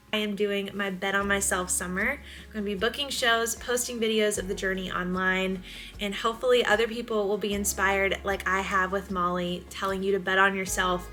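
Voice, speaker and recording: Excitable young singer girl talking into her phone at home, bright voice, gushy and talkative. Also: medium pitch. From North Carolina. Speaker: singer-songwriter vlogger. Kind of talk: casual vlog chat. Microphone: camera or phone mic.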